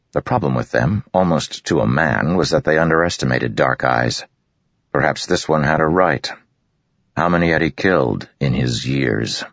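A man reading an audiobook as its narrator, in steady, even scripted storytelling. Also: extremely low pitch, creaky, no room sound. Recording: dull, muffled dry recording.

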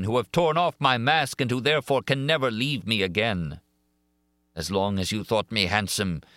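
A man doing a tormented, disfigured man who rises well above his own voice, loud and bright. He swings between grand roaring boasts and desperate pleading in a storybook reading. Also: medium pitch, no echo, studio quality, voice pushed up, lightly acted. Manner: roaring, then sobbing and pleading. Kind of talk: audiobook character reading.

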